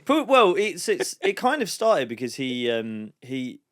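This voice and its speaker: A man's voice: fairly high pitch, measured pace. A man, a guest comedian, chatting casually on a podcast, telling sweary stories and acting out quotes. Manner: animated storytelling, sweary, acts out quotes.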